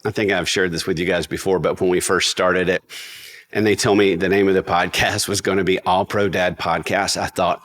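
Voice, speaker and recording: A man's voice: low voice, fairly even intonation, a little fast, a bit bright. A man hosting a podcast in casual chat, telling self-deprecating stories about fatherhood. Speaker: podcast host.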